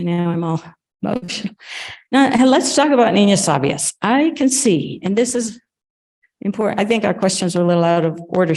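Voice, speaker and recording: A woman's voice: fairly low pitch, a little mellow, poor audio. A woman speaking earnestly and effusively at a club event, interviewing a guest, often restarting her sentences. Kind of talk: emotional conversational talk at an event.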